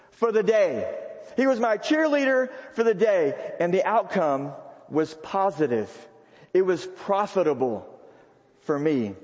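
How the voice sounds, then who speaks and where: A man's voice: high voice, a little mellow. A man preaching a sermon to fathers in a large sanctuary, stressing key lines by repeating them. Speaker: pastor. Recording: long hall reverb in a big sanctuary.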